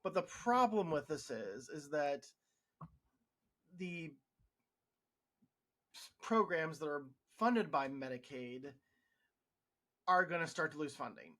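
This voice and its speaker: A man's voice: a little high, fairly bright tone. A man who works in healthcare, giving a frustrated, sarcastic opinion monologue with frequent restarts. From United States. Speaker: healthcare worker podcast host.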